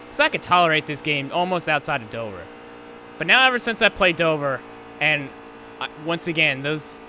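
A fairly high, sharp-toned male voice belongs to a gaming channel host ranting profanely and in frustration as he commentates a racing game live. Engine sounds from the race play in the background.

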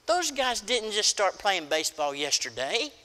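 A middle-aged pastor delivers a folksy, emphatic sermon full of stories. His voice sits high and bright. The sound carries a long church-hall reverb. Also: very animated, normal speed. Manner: folksy, storytelling, emphatic preaching. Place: church sanctuary.

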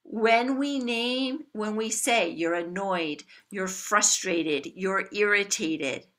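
A woman giving an animated workshop talk to a room of parents, coaching them with acted-out examples. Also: medium pitch, slow pace. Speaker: parenting educator. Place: room with an audience.

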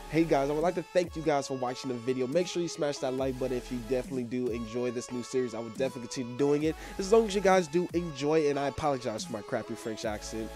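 Low-key young male YouTuber signing off. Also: faint music behind. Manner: quick, relaxed, low-key. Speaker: gaming YouTuber. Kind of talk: casual video outro.

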